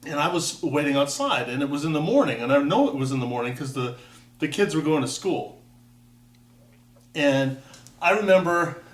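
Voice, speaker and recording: A man's voice: a little high, expressive, moderate pace, long pauses, a bit bright, far from the mic. Man in his fifties, from Wisconsin, wry rambling storyteller, roomy echo, voice a bit off the mic. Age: 50s. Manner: rambling, self-interrupting, wry. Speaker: vlogger. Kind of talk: casual personal monologue. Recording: echoey room, voice off-mic.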